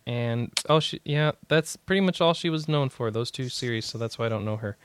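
A man's voice: medium pitch, brisk, slight background noise. A young man hosting a gaming podcast, chatting casually, reading out news and jumping in to correct the others. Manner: excitable, cuts in to correct others. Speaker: podcast host.

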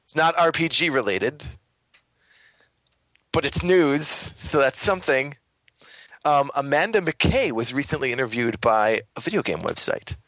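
A man's voice: medium pitch, lively intonation, unhurried, fairly bright tone, no echo. A man co-hosting a podcast, chatting casually in a dry, teasing way. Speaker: podcast co-host. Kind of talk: casual chat.

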